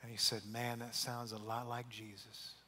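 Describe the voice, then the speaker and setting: A man preaching a sermon, telling a story and acting out the voices in it, sometimes dropping to a soft, hushed tone. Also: mid-range voice, flat delivery, moderate pace, slight background noise. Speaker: pastor. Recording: long hall reverb.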